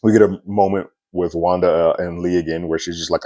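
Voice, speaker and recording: A man's voice: low-pitched, fairly even intonation, fairly quick, hardly any pauses, warm tone, no room sound. A man giving a casual, conversational TV episode review, with loose fillers and little laughs.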